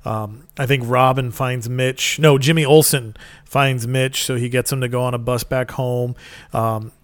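A man's voice: medium pitch, fairly even intonation, unhurried, no room sound. Chatty man, dry close sound. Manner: rambling, enthusiastic storytelling with many fillers. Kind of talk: casual chat.

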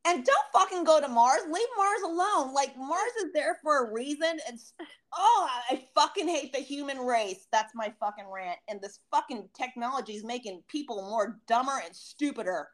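Brief: high-voiced woman, very animated, fired-up swearing rant, casual podcast host. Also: normal speed. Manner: profane, heated ranting with acted-out quotes. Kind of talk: casual chat.

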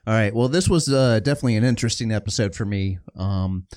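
A man in his forties co-hosting a podcast, speaking in a measured, reflective way with plenty of fillers. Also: fairly low pitch, darkish tone, dry recording, studio quality. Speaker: podcast co-host. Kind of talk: casual podcast chat.

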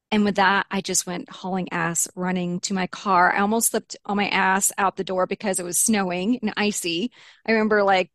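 A young adult woman, an interview guest, candidly recounting a personal ordeal, her pitch rising when she quotes heated arguments. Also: a bit bright, no echo, clean studio sound.

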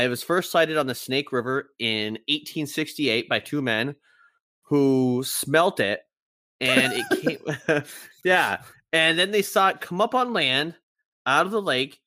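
A man's voice: fairly high pitch, bright, forceful tone. A man co-hosting a podcast, chatty and a little hesitant as he retells odd facts. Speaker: podcast co-host. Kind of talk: casual podcast storytelling.

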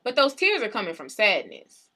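A young adult woman co-hosting a podcast, arguing in casual chat with an animated, insistent manner and frequent laughs. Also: medium pitch, moderate pace, husky. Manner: animated, argumentative, laughs often. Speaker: podcast co-host.

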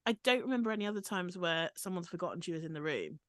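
A woman's voice: fairly low pitch, fast, no echo. Chatty woman, dry close sound. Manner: chatty, animated, quotes people in mock voices. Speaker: podcast co-host. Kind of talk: casual chat about reality TV.

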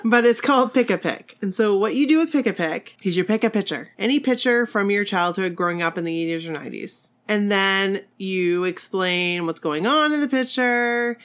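A woman co-hosting a podcast who is losing her voice, explaining things in a relaxed, casual way. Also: medium pitch, normal speed, few pauses. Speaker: podcast co-host. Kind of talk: casual chat.

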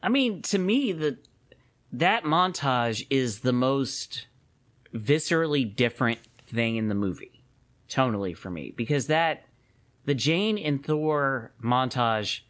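Speaking in a mid-range voice, a male podcast co-host keeps the chat casual and lively, breaking into laughter often and restarting his thoughts mid-sentence.

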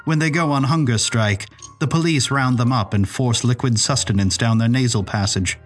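A man's voice: mid-range voice, normal speed, faint music behind, lightly acted. A man voicing a young woman who speaks bold, blunt and earnest. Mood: questioning. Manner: fierce, earnest.

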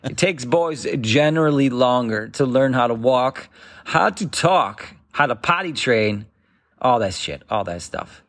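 A man's voice: medium pitch, expressive, unhurried. A man in his thirties performing a rambling stand-up routine, acting out other voices as he goes. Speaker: stand-up comedian.

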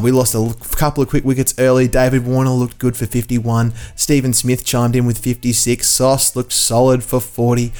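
Jokey podcast host. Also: male voice, medium pitch, a little mellow. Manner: jokey, rambling, self-deprecating. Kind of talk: casual comedy podcast chat.

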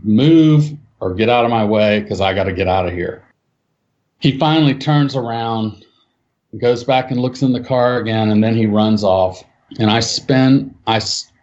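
A man telling a personal eyewitness story in casual speech, acting out what people said with his voice jumping up for the quotes. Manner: animated, acts out quotes with raised pitch. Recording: dull lo-fi sound.

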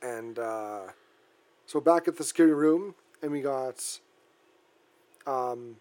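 A man from Canada casually recapping a horror film, talking in halting bursts with many restarts and fillers. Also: medium pitch, a little mellow.

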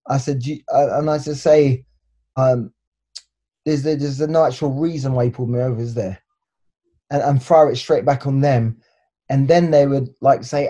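Mellow-voiced English man telling stories. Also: a little high, normal speed, husky. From England. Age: 40s. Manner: hesitant, repeats words, lively storytelling. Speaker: guest. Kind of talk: casual interview chat.

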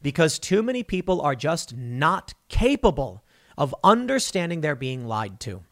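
A man's voice: on the high side, very animated, normal speed. A man delivering an online political commentary monologue in a blunt, sarcastic, scornful way.

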